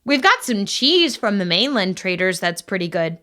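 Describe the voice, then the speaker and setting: A woman's voice: mid-range voice, big pitch swings, normal speed, sharp tone. Woman doing a chatty, nervous boy.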